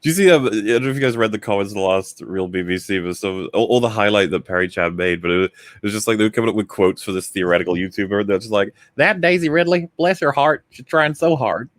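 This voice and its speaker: A man's voice: lowish voice, quick pace, few pauses, no echo. A man on a casual livestream panel making wry jokes. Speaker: guest panelist.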